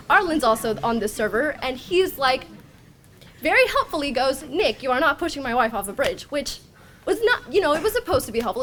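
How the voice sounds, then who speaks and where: A woman's voice: a little high, a bit bright. A teenage girl telling a personal story at a story slam, rambling and self-deprecating, often quoting her own thoughts. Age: teens. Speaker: student storyteller.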